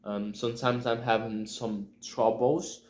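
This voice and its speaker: A Brazilian man speaking English as a learner with a Brazilian Portuguese accent, talking casually to the camera and pausing often to find his words. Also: medium pitch, fairly even intonation. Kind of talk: casual self-recorded video. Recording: roomy echo.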